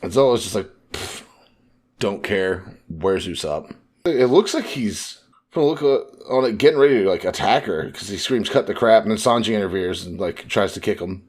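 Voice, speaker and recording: A man co-hosting a casual podcast, retelling story scenes and quickly paraphrasing the characters' lines. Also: fairly low pitch, animated, a little mellow. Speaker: podcast co-host.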